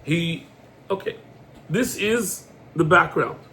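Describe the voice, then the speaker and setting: A man, a rabbi, giving a lively Torah class in sprinkled quotes. He acts out the dialogue and fires off rhetorical questions. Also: fairly high pitch, slow, a little hiss or hum.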